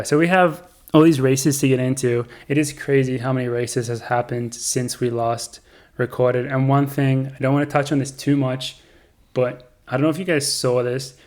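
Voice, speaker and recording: A young man hosting a casual podcast chat, relaxed and rambling. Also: medium pitch. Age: young adult. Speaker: podcast host.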